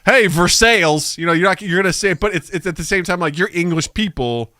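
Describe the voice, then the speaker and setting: Male podcast co-host, bright tense voice, dry close mic, jokey casual chat. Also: high voice, fast, dry recording. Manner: jokey, slips into mock voices and accents.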